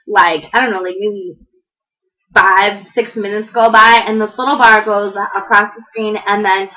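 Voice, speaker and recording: A woman's voice: on the high side, bright, forceful tone, poor audio. A woman, telling a long exasperated story in a rambling, casual way. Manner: exasperated, rambling, acts out quoted people. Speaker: vlogger.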